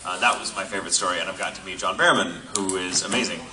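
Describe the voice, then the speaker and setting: A male voice actor on a convention panel, telling lively anecdotes and slipping into voices. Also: low-pitched, racing. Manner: animated storytelling with put-on voices. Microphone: phone in audience. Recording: distant phone recording with noise.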